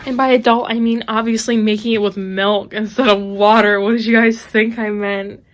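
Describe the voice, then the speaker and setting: A young woman talking casually to her viewers in a home vlog, chatty and animated. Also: fairly high pitch, moderate pace, dry recording. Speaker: book vlogger. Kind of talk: casual vlog talk to camera.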